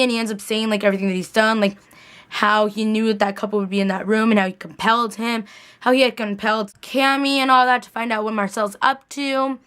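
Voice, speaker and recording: A woman's voice: a little high, steady tone, brisk, a bit bright, clean tone. A young woman recapping a TV episode in a casual vlog, gushing like a fan and saying "like" often. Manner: gushing fangirl chatter, lots of "like". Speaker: TV recap vlogger.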